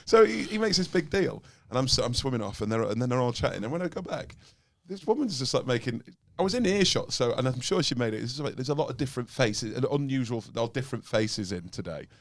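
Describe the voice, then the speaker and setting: Scouse guy on a podcast, lively up and down voice, talks fast, dry close mic. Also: medium pitch, dry recording. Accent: Liverpool. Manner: storytelling, animated, laughs often. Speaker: podcast host, comedian. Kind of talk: casual chat.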